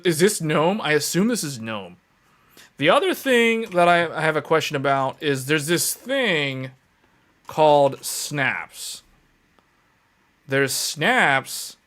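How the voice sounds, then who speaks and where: Male tech show host, casual and excitable, voice sitting a bit high, full of fillers and exasperated outbursts. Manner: animated, exasperated, lots of fillers. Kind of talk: casual livestream chat.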